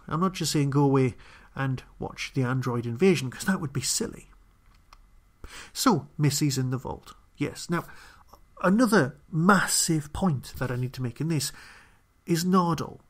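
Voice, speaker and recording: A man hosting a podcast, giving a chatty, rambling solo review with wry asides. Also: fairly high pitch. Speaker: podcast host reviewing an episode.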